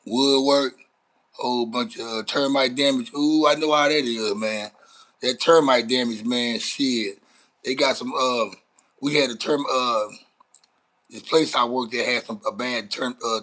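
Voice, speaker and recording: Bright-voiced man hosting a rambling live stream. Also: medium pitch, measured pace, low-quality recording. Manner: rambling, profane, chats with viewers. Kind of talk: casual live-stream commentary. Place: Dallas, Texas.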